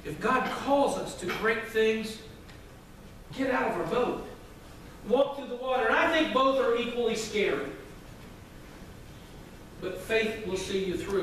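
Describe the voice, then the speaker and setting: A man preaches from the front of a church, his voice pitched unusually high for a man. It carries loud and emphatic, with quick asides to the congregation. The sound is heavily reverberant and picked up from some distance, with a faint hiss underneath. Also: animated. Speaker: pastor. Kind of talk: sermon. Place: church sanctuary. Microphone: microphone at a distance. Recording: very echoey hall, from far off, faint noise.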